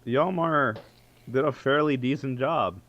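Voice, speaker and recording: A man's voice: medium pitch, measured pace, a bit bright, muffled recording. A man narrating as game master in a casual tabletop game, laughing often as he goes.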